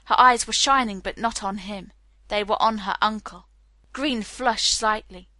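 A woman narrating a novel with even, unhurried storytelling, close to the mic. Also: mid-range voice, dry recording. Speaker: audiobook narrator. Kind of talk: scripted narration.

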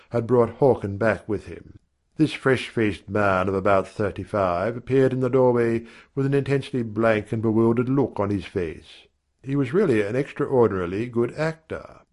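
A man reading a first-person story aloud in a measured, wry storytelling manner. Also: lowish voice, darkish tone. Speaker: narrator.

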